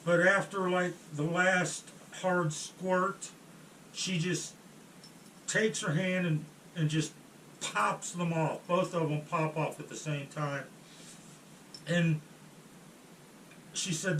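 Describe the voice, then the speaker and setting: Slow, halting man in an echoey room. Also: high voice, steady tone, a bit bright. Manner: halting, with restarts and trailing pauses. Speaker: storyteller. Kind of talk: first-person storytelling monologue. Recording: roomy echo, distant mic, faint room noise.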